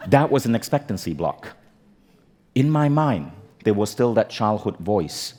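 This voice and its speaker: Animated man telling a stage story. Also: fairly low pitch, moderate pace. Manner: animated, comic, acts out quotes. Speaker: keynote speaker. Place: conference stage.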